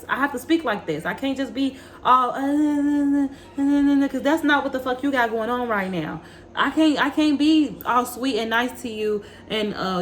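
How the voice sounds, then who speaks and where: A woman's voice: on the high side, a bit bright, a little hiss or hum. A woman gives a spiritual tarot reading, fiery and preachy, swearing freely. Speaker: tarot reader.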